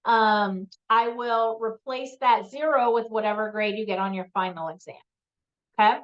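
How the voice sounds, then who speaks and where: A woman's voice: fairly high pitch, moderate pace. Woman teacher on a dull lo-fi recording. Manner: frequent ums, repeats key points with "okay?". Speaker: math instructor. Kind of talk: classroom announcements.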